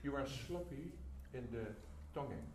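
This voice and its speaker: A man coaches a clarinet masterclass in slightly non-native English, often singing phrases to demonstrate the music. His mid-range voice is expressive and unhurried, heard in a roomy hall with instruments.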